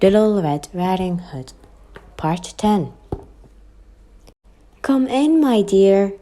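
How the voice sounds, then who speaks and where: A woman whose first language is Arabic, reading a children's story aloud for an English lesson and repeating each vocabulary word twice, slowly and clearly. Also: mid-range voice, animated, mellow. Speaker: English teacher. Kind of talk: slow read-aloud lesson with word drills.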